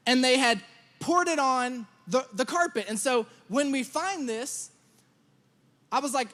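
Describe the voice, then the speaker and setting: High-voiced pastor telling a family story. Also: male voice, a bit bright. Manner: storytelling, acts out his children's voices.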